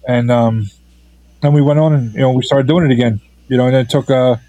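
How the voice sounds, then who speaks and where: A filmmaker being interviewed, who talks in a halting, casual way, full of fillers and restarts. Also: male voice, mid-range voice, steady tone, dark tone, no echo, dull audio. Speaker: filmmaker guest.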